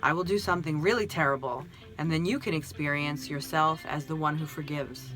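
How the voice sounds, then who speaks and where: A woman voicing a kind, gentle friendly soul who speaks with calm, tender reassurance in a storybook reading. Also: low-pitched, fairly quick, faint music behind.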